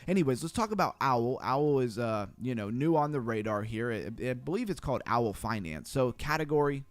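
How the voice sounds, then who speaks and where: A man hosting a crypto livestream, talking fast and chatty as he walks through charts and greets viewers. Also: medium pitch, animated, dry recording. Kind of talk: casual livestream chart analysis.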